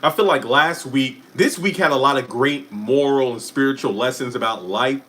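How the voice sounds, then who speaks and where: A man hosting a casual live stream who chats about a TV finale, answers viewer comments, and often breaks off with quick asides and apologies. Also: mid-range voice, fairly bright tone. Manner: chatty, self-interrupting, apologetic asides. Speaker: YouTube live stream host.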